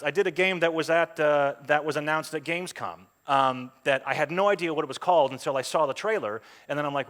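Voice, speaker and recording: A man who works as a voice actor, giving a chatty, anecdotal talk at a game event with lots of ums and quick voiced asides. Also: on the high side, a bit bright. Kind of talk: conference talk. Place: stage at a game jam event.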